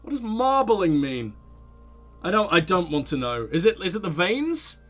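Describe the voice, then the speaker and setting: Joking let's play host reading aloud. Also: male voice, high voice, big pitch swings, moderate pace, soft background music. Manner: joking, rambling, trips over words. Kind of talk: reading game text with casual commentary.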